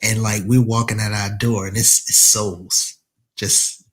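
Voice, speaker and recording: A man from Alabama in casual conversation, relaxed and conversational, sometimes mimicking voices as he retells things. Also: lowish voice, unhurried. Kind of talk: casual chat.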